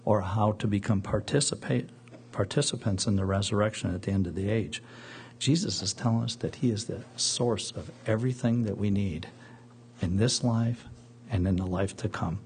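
A pastor with a low, gravelly voice delivers a sermon and reads from scripture in an earnest, measured way. A faint hum sits under his voice.

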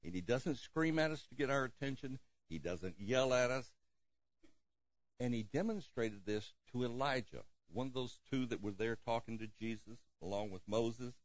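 A man preaching a sermon in a gentle manner, dropping softly at moments and chuckling now and then. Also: medium pitch, normal speed, dry recording, highs cut off. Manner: gentle, lively preaching with soft drops and chuckles. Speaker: pastor.

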